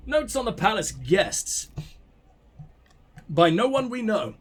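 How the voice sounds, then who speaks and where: A young man with a high voice reads in-game letters aloud as he plays, breaking off now and then for casual, swear-laden comments. His delivery stays loose and conversational. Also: big pitch swings, takes it slowly, long pauses, slight background noise. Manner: casual, profane asides between readings. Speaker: gameplay commentator. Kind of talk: reading in-game letters aloud while playing.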